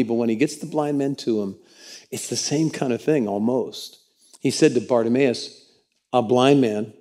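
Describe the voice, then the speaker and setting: Folksy pastor, mellow tone, animated church storyteller who repeats himself. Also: male voice, medium pitch, a little slow. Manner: folksy, conversational preaching. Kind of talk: sermon.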